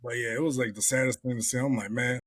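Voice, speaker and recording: A man's voice: mid-range voice, fairly even intonation, rapid-fire, husky. Blunt, profane man chatting. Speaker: podcast host. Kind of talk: casual chat.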